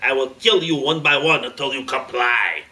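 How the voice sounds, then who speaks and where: A man's voice: medium pitch, moderate pace, sharp tone. A man voicing a stern, bearded male terrorist leader who roars his orders in a put-on foreign accent. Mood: roaring threats. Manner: roaring, stern, mean. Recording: voice from a distance, faint background noise.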